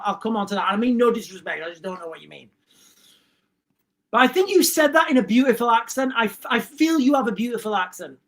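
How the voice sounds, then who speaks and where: A man's voice: very high-pitched, a bit bright. A man hosting a livestream, reading out viewer comments and answering them in a rambling, blunt, repetitive way. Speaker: livestream host.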